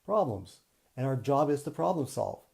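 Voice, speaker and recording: A man with a gravelly, mellow voice gives a live motivational talk. He speaks earnestly and plainly, circling back over his points like a coach guiding listeners. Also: medium pitch, very animated, normal speed. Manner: earnest, repetitive, teacherly. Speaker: self-help coach. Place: home, streaming live online.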